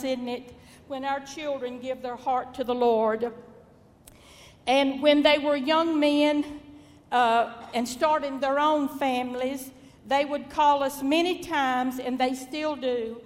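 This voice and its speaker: An older woman with a Southern US accent shares memories of raising her children, folksy and devout, with a gentle chuckle in her talk. Her voice sits high, and a long reverb trails behind her words. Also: slow pace. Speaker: mother sharing testimony. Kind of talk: personal testimony, reminiscing.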